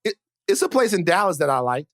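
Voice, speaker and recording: A man's voice: sits high, very animated, quick pace, dry recording, studio quality. A man co-hosting a podcast, telling stories in loose, rambling casual chat, laughing and swearing freely. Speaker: podcast co-host. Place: studio.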